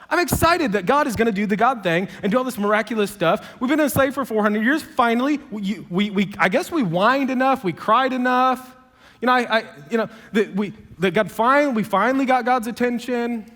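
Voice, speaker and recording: A man's voice: sits high, expressive, brisk, fairly bright tone, long reverb tail. A man preaching a sermon as a pastor, telling the story with energy and humor. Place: church auditorium.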